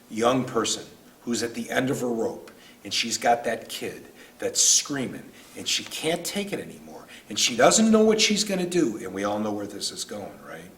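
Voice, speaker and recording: A man's voice: medium pitch, fairly bright tone. A man, a state senator, telling stories earnestly in a speech at a neighborhood meeting, sometimes emotional. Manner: earnest, storytelling, acts out quoted voices; emotional at times. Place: community meeting room. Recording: distant mic, faint room noise.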